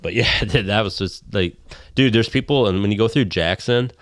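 A man's voice: on the low side, normal speed, no room sound. A man telling a hunting story in casual chat, rambling and swearing freely.

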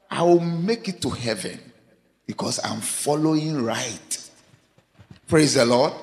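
A pastor delivers an emphatic sermon, firing rhetorical questions at the congregation and alternating between raised lines and quiet, low asides. The recording carries a long hall reverb.

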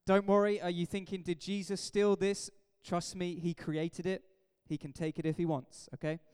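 Pastor guy, high smooth voice, punchy jokey preaching, echoey church hall. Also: normal speed. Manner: energetic, jokey, emphatic preaching. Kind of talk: sermon.

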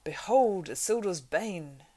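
Stately elf lord, woman reading; low, gravelly, declaiming. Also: level tone, fairly quick.

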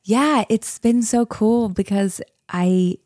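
A woman's voice: medium pitch, takes it slowly, a little mellow, no room sound, clean studio sound. A woman in her thirties, a podcast guest, chatting casually and telling a story with frequent laughs. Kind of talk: casual interview chat.

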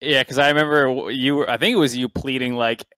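A man on an esports panel in casual discussion, relaxed and laughing, with hesitant phrasing. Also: medium pitch, fast, no room sound. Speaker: esports analyst.

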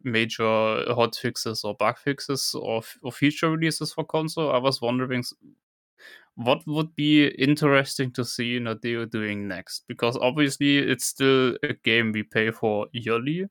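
A man's voice: medium pitch, unhurried, a bit bright, no echo, studio quality. A man co-hosting a podcast, friendly and thoughtful in casual chat. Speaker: podcast co-host.

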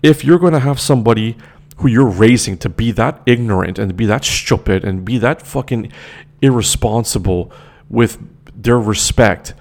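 Gravelly indignant young man ranting. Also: lowish voice, darkish tone. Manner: indignant, profane, repeats himself. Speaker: storyteller. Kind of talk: casual storytelling rant.

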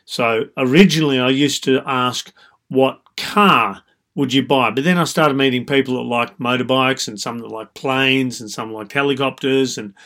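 Speaking in a mid-range voice, a male dating coach delivers a calm monologue of explanatory advice. He leans on "so" and "you know" frequently.

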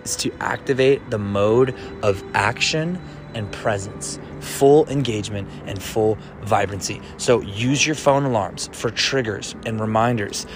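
A man hosting a motivational self-help podcast, talking in a casual, playful coaching way. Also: on the low side. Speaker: podcast host.

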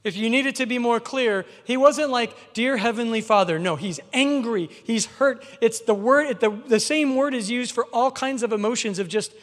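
A man's voice: very high-pitched, moderate pace, hardly any pauses, a bit bright. A man preaching a sermon as pastor, in an emphatic, conversational way. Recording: long hall reverb.

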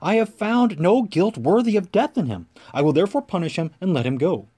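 A man's voice: high-pitched, very animated, mellow, breathy edge, voice pushed up, exaggerated voice. A man reading as an uneasy Roman governor. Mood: insistent. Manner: earnest, measured reading of quoted lines. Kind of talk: scripture reading.

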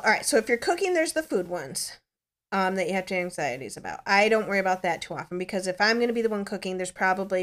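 A woman's voice: medium pitch, fairly bright tone. Chatty woman podcast host. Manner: chatty, rambling, many "like" fillers. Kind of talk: casual chat.

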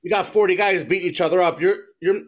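High-voiced man, quick chat. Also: fairly even intonation. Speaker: co-host. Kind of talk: casual chat.

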